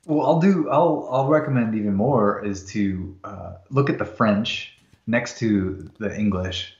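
A man's voice: fairly low pitch, unhurried, darkish tone. A man hosting a podcast who talks hesitantly and picks his words as he goes. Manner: hesitant, with many fillers and restarts. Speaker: podcast host. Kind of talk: conversational literary discussion. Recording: roomy, dull lo-fi sound.

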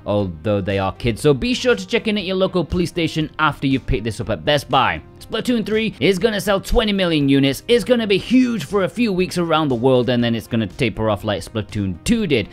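A man hosting a game release roundup in casual scripted commentary, full of sarcastic joking asides. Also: a little high. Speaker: game release news host.

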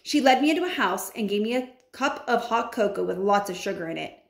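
A woman reading a children's novel aloud with expressive delivery, breaking in with chatty asides. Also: mid-range voice, fairly quick, creaky. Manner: animated, adds chatty comments. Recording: roomy echo.

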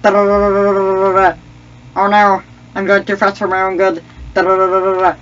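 A man putting on the voice of a goofy, clumsy male alien sidekick in an excitable, trash-talking way while commenting on a game, with sing-song babble. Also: high-pitched, moderate pace. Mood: gleeful. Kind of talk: gaming commentary in a character voice. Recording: dull lo-fi mic with faint hum.

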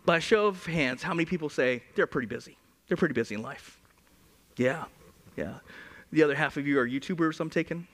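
A man in his forties, a pastor, preaching a humorous sermon with lively stories. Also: on the high side, a little fast. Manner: animated, humorous, storytelling. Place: church.

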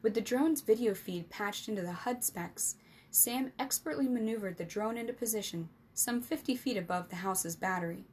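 A woman reading an adventure storybook aloud as the storyteller, with lively, expressive narration. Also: mid-range voice, normal speed, a little hiss or hum.

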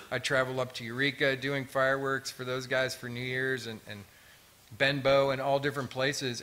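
Middle-aged american guy, bright punchy voice, telling funny stories at a talk. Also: mid-range voice. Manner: lively storytelling with humor. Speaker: fire artist and pyrotechnician. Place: museum auditorium.

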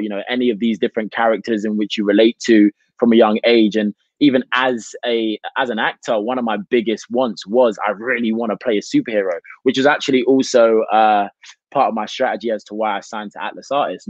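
A British man, an actor, talking through his craft at length in a relaxed interview, with frequent "you know" fillers. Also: lowish voice, no echo, muffled recording. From United Kingdom. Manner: expansive, reflective, many "you know" fillers. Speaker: actor, guest. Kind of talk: casual interview chat.

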